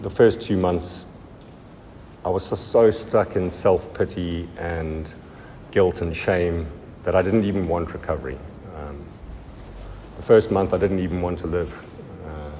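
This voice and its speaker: A man telling his recovery story in a halting, heartfelt testimony full of pauses and restarts. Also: low-pitched, dark tone, long reverb tail, slight background noise. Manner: halting, many ums and restarts. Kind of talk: personal testimony.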